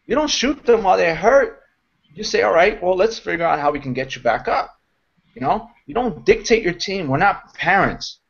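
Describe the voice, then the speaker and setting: A man with a slightly high voice talks his team through leadership in a loose, rambling way. He gets animated and keeps circling back to his points. The sound is dull and lo-fi, like an online call. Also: normal speed, creaky. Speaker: network marketing mentor. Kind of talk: casual motivational talk.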